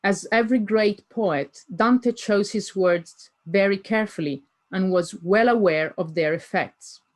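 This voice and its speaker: A woman giving an academic lecture, reading poetry closely with deliberate emphasis. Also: mid-range voice. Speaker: conference speaker.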